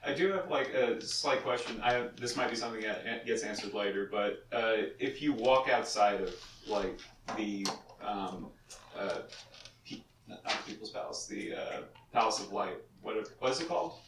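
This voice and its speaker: A man's voice: on the low side, normal speed, a bit bright, a little hiss or hum. A man in the audience asking a question hesitantly, searching for words. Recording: distant mic in an echoey room.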